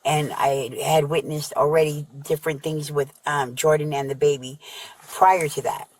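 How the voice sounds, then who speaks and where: A woman answering a police officer's questions, halting often with fillers and restarts. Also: deep voice, flat delivery, a little mellow, rough recording. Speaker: witness being interviewed. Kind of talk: recorded police interview. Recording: bodycam audio with background noise.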